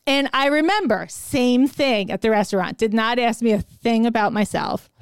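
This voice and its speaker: A middle-aged woman co-hosting a podcast, telling a story in a casual, animated way, laughing and acting out the lines she quotes. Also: fairly high pitch, a little slow, clear, resonant tone, dry recording. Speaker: podcast co-host.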